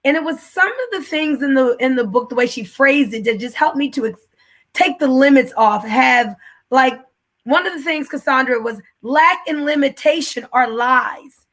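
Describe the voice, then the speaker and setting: A woman host telling a personal testimony in casual talk, animated and emotional, her voice rising when she is moved. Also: sits high, normal speed. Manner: animated, gets emotional, raises her voice at the peak of the story.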